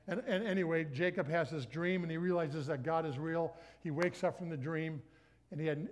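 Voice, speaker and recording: Animated high-voiced man preaching a sermon. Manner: animated storytelling, acts out his own inner dialogue. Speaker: guest speaker.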